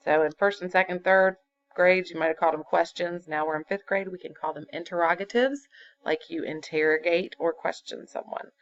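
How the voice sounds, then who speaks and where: Woman, fifth-grade teacher, patient step-by-step explaining, deep voice, lo-fi computer mic. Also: fairly quick. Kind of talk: recorded classroom grammar lesson. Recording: dull lo-fi computer recording.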